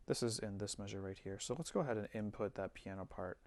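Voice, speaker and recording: A man giving a relaxed screen-recorded music software tutorial, thinking aloud with fillers as he works. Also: fairly low pitch, fast talker. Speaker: music teacher.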